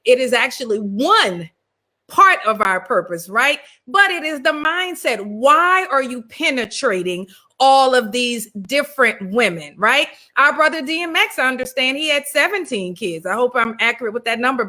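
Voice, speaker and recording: A woman hosts a panel discussion, loud and emphatic, quick to laugh. Her voice sits high and sounds bright and forceful. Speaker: host.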